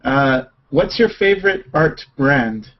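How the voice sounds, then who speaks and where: A stream host with a medium-pitched, expressive voice speaks slowly into his computer mic, laid-back and joking as he chats casually with friends on a livestream. The audio is dull and lo-fi, with a faint hiss underneath.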